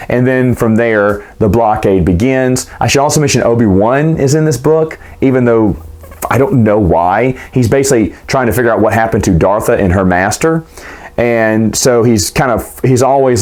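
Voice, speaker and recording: A man's voice: on the low side, a little mellow. A man casually retelling a novel's plot for a book review vlog, rambling and loose, with frequent restarts.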